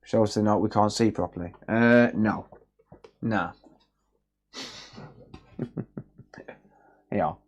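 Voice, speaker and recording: A man's voice: fairly low pitch, fairly even intonation, extremely slow, pauses often, lo-fi sound. A man hosting a live repair stream, joking bluntly with chat and reading out repair notes. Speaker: electronics repair livestream host. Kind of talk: casual livestream chat while working. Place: repair workbench indoors.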